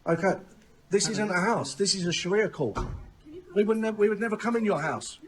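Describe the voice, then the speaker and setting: A man with a fairly high voice, caught on location while confronting people. He presses the same question over and over and pleads insistently when things turn tense. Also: fairly quick, poor audio.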